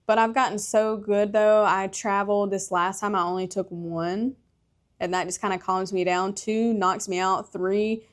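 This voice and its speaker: A young woman chats on her own podcast in a loose, candid way. She laughs often and swears freely, as if talking to friends. Her voice sits in an ordinary middle register for a woman. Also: medium pitch. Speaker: podcast host. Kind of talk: casual solo podcast chat.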